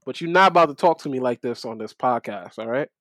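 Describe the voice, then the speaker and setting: A man hosting a casual podcast with his friends, animated, often repeating words and talking over the others. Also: medium pitch, fast talker, no room sound. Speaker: podcast host.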